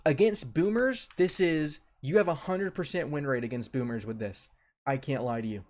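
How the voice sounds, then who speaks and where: Offhand young man, voice sits a bit high. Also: moderate pace. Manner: repeats his phrases, loose and offhand. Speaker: streamer ranking a tier list. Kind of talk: casual commentary.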